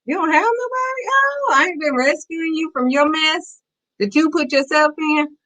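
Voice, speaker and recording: A woman doing a sarcastic, high-pitched God. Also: animated, normal speed, pushed and bright. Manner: incredulous, teasing. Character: sarcastic, mocking male God.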